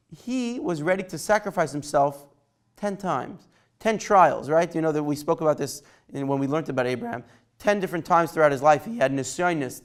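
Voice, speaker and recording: Rabbi teaching an informal Torah class. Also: male voice, a little high. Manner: conversational, takes questions by name, asks "right?".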